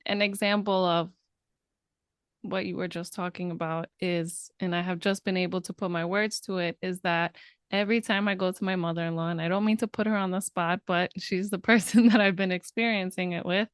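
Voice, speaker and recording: A woman's voice: on the low side, fairly even intonation, a little fast, clean tone, dry recording, studio quality. Candid laughing woman co-host. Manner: candid, laughs often, chatty storytelling. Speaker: podcast co-host. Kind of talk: casual parenting podcast chat.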